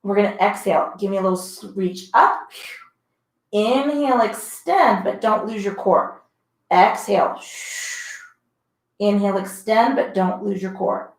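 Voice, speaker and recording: A woman leading a mat pilates class at home, giving chatty, encouraging cues between breathy exertion sounds. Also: medium pitch, measured pace, long pauses. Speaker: pilates instructor. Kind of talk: guided workout instruction. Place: home room, dogs heard about. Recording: roomy echo.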